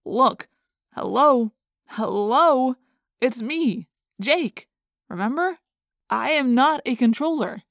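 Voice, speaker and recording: Casting: impostor teen boy protesting innocence, a bit high, woman reader. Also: lively intonation, slow, long pauses, a bit bright, no echo, clean studio sound, full character voice. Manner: insistent, falsely innocent. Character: alien parasite posing as a teenage boy.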